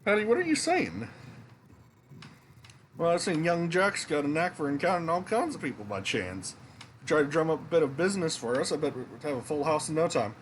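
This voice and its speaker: A man's voice: on the high side, sing-song, brisk, slight background noise, pitched above the performer's own voice, low-quality recording. A man voicing a confident middle-aged woman innkeeper who talks in a breezy, teasing way. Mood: persuasive. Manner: breezy, teasing, calls people honey.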